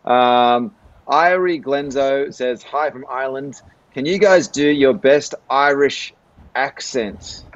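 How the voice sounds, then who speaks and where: A man's voice: medium pitch, slow, dull audio. Australian man hosting a live chat. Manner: relaxed, reads out fan messages. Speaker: host. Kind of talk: live stream chat, reading viewer comments.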